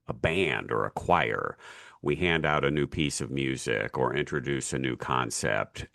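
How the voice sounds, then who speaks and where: Man, very deep voice, lively pitch, podcast co-host, dry close sound. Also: no echo. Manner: animated, acts out quoted voices. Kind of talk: conversational podcast talk.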